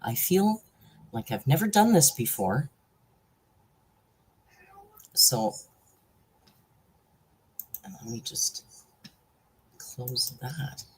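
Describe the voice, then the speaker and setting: Female live-stream host, very low and husky, with a lively, swooping delivery. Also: extremely slow, pauses often, poor audio. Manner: chatty and laughs often, coos to her pet. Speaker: livestream host. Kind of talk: casual live-stream chat. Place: at home.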